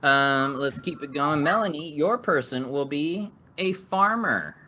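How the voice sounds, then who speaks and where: Male host, live improv show; upbeat, encouraging, bright tone. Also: a little high, a little slow. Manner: upbeat, encouraging, laughs often.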